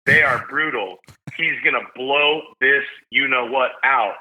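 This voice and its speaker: A man, a stadium announcer guest on a podcast, telling stories in an excitable, joking way. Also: medium pitch, measured pace, poor audio. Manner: excitable, jokey storyteller. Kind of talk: casual podcast storytelling.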